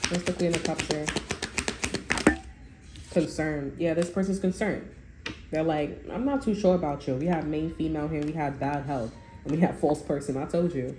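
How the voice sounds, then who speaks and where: Low-voiced woman giving a blunt tarot reading. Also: fairly even intonation, normal speed, pauses often, warm tone. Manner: blunt, swears, quotes people in raised voice. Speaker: tarot reader. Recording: roomy sound with faint music.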